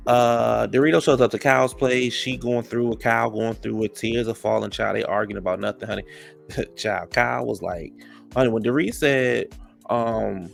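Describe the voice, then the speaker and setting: A man's voice: mid-range voice, steady tone, moderate pace, gravelly, faint music behind. A man giving a sassy, gossipy casual recap of a reality show, calling listeners "child" and "honey.". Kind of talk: casual episode recap commentary.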